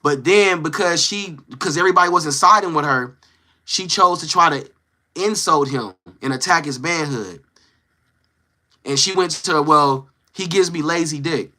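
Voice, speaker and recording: Brief: slangy male storyteller, voice a bit high, sharp and forceful, acts out others' lines. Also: moderate pace. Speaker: live-stream host. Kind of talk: casual storytelling.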